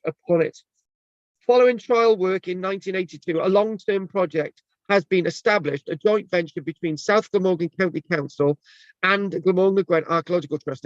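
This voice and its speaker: A man talks casually on a video call, restarting his sentences and filling gaps with ums. His voice sits a little high, and the sound is close and dry. The audio is dull and lo-fi. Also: no echo. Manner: rambling, many restarts and fillers. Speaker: presenter. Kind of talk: casual chat.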